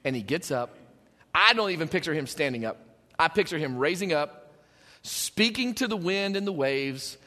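A man preaching a sermon, telling the story in an animated way and acting out the scenes. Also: a little high, moderate pace, in a large hall. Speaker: pastor.

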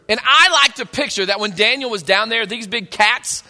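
Bright-voiced emphatic preacher. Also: male voice, very high-pitched, brisk, vocal fry, hardly any pauses. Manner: emphatic, preachy, calls for amens. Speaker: pastor. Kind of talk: sermon. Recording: long hall reverb.

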